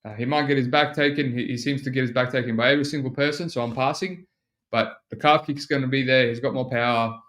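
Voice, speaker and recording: Rambling through his solo podcast, a man mocks himself and keeps using fillers and restarting his sentences. He speaks quickly in a mid-range, slightly bright voice with fairly even intonation.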